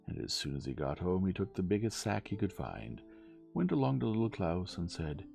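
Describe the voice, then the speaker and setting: A man reads a bedtime story softly and gently. His voice is very deep and gravelly, with a mellow tone and lively swings. Faint music plays underneath. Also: normal speed. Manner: soft, gentle reading.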